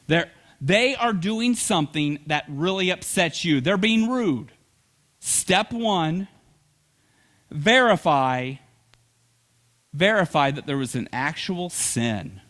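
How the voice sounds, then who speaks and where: A middle-aged man preaching from the pulpit in a notably high voice that leaps wildly up and down. He tells humorous stories and delivers them with animated energy. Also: slow, long pauses. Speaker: pastor. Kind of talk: sermon.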